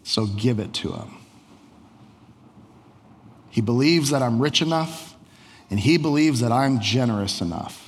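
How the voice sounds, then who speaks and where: A man voicing a calm, generous ancient king who speaks in slow, measured pronouncements. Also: fairly high pitch, a little hiss or hum. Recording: long hall reverb.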